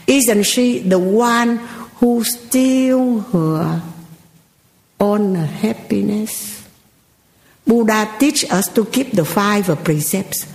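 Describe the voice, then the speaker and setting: A woman Buddhist teacher tells a moral story in an unhurried sermon. She repeats her phrases and poses rhetorical questions to her listeners. Her voice rings in a roomy, echoing space. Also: mid-range voice, creaky, a little mellow.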